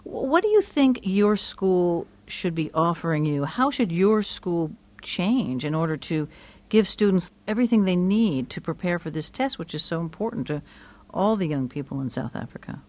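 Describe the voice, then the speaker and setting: A woman's voice: fairly low pitch, expressive, normal speed, darkish tone. Woman hosting a broadcast interview. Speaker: radio interview host.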